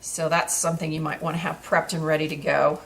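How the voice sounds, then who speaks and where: A woman with a fairly low voice hosts a craft tutorial and explains each step as she works. She talks in a chatty, easygoing way, full of fillers and small restarts. A faint hiss sits under the recording. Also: little pitch movement, fairly quick, vocal fry. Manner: chatty, with many fillers and restarts while working.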